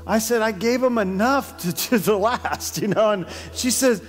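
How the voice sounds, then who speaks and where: A pastor spins a long personal story from the pulpit, laughing along at himself. His voice sits high for a man. The sound carries a long church-hall reverb. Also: normal speed, hardly any pauses, faint music behind.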